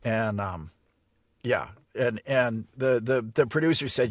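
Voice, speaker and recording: A man's voice: mid-range voice, takes it slowly, no room sound. A middle-aged man from the Chicago area, an audiobook narrator, speaking in a standard American accent and chatting casually in an interview, often stumbling and repeating words as he starts sentences. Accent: none; standard American English. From Chicago area, USA.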